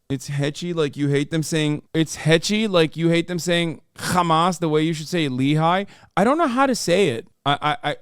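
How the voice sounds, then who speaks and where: Male streamer for reaction commentary, heated and profane, slightly higher voice and clean tone. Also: clean tone, no room sound, clean studio sound.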